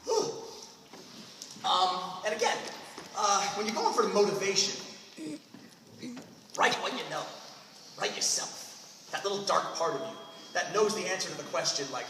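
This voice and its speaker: Animated man in his fifties, echoey hall. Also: normal speed, long pauses. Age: 50s. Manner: animated, acts out squeaky comic voices. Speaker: convention panel host. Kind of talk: comedic writing panel talk. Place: convention panel room. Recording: echoey hall from far off with loud noise.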